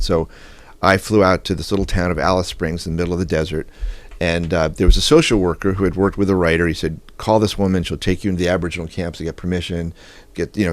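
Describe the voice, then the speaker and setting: A man with a very low voice rattles through his story at a quick clip, animated and full of quoted dialogue. He sits at a studio mic on a radio show. The sound is close and dry. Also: no echo. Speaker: guest photographer. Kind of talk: storytelling interview.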